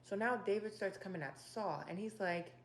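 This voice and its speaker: A woman hosting a casual Bible chapter breakdown, retelling the story in her own slangy words with animated, opinionated asides. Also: medium pitch, moderate pace, a little hiss or hum. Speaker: Bible study video host.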